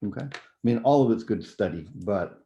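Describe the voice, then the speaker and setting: A man with a deep, mellow voice explains music theory concepts to his students in an easygoing lecture. He keeps checking that they follow along. The recording sounds muffled and lo-fi. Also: lively intonation, a little fast, a little hiss or hum. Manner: explanatory, conversational, frequent "right?" and "okay?" checks.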